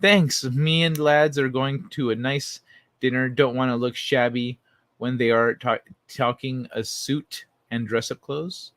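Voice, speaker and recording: Man, livestream host, casual late-night chat, swears freely, reads chat aloud, mid-pitched voice, dry close sound. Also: measured pace, dry recording. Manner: relaxed, profane, reads chat messages aloud.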